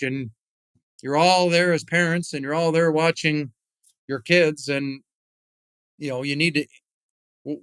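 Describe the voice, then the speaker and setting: A middle-aged man chats as a podcast guest with a smooth, clean voice that sits a little high. He rambles, restarts, and leans on fillers as he tells stories. The recording is dry and close. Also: a bit bright, dry recording. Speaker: podcast guest, retired hockey player and whisky founder. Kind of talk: casual interview storytelling.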